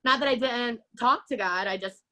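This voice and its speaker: Animated woman telling her story. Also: on the high side, moderate pace, poor audio. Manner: animated storyteller, acts out quotes, laughs often. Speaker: interview guest. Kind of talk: personal testimony.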